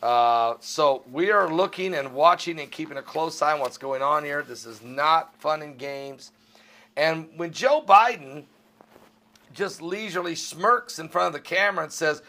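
Male vlog preacher: high, bright and forceful, emphatic exhorting delivery. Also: lively intonation, moderate pace. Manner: emphatic, exhorting, climbs into loud outbursts. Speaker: religious prophecy commentator. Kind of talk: fervent commentary vlog.

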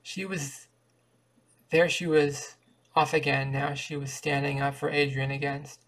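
A man reading a short story aloud in a flat, measured way, with occasional restarts. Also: mid-range voice. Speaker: audiobook reader.

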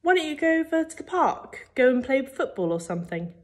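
Woman doing a nagging storybook mum, high voice, exasperated, pleading. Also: big pitch swings, fairly quick, a little hiss or hum. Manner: pleading, raised and higher than the reader's own voice. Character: exasperated nagging mother of a young boy.

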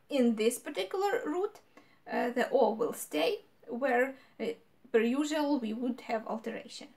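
A woman leads a grammar lesson in a high, light voice. She explains step by step at an unhurried pace and repeats each example word for clarity. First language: Ukrainian. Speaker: language teacher.

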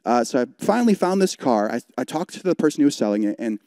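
A man's voice: mid-range voice, very animated, quick pace, dark tone, dry recording, studio quality. A young man, a youth pastor, preaching an earnest, conversational sermon through a personal story, with frequent "like" fillers. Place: church service broadcast.

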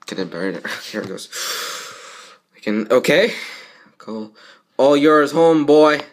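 A man's voice: mid-range voice, expressive, a little slow, a little hiss or hum. A young man reading a fan fiction aloud with rambling comments, often jumping into character voices. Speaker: fanfic reader. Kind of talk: casual fanfic read-aloud with comments.

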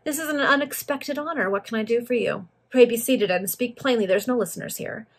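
A woman doing a shifty, smooth moneylender. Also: a little high, a little fast. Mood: ingratiating. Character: shifty male moneylender in his fifties, smooth and ingratiating.

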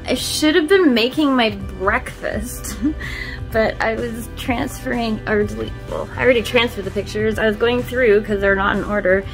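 Vlogger: woman with a somewhat high voice, casual and self-deprecating, quick to laugh, talking to camera at home over soft music. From Canada. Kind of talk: casual vlog chat to camera. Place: at home, moving between rooms.

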